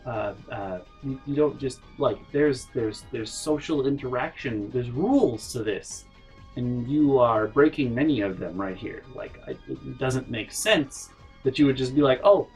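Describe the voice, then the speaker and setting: A man's voice: medium pitch, unhurried, faint music behind, rough recording. A young man telling a funny story from his life in a casual, rambling way, with frequent swearing and mock-indignant asides. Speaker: storytelling vlogger.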